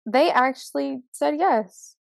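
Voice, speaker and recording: A woman's voice: high-pitched, slow pace, vocal fry, dry recording. A young woman in her twenties co-hosting a podcast, chatting casually, gushing and laughing often. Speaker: podcast co-host. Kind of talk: casual chat.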